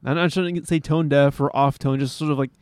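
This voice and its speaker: A man on a casual radio panel, speaking in a measured way as he searches for the right words. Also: on the high side, fairly even intonation, a little mellow, smooth, no room sound, clean studio sound. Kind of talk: casual gaming podcast chat.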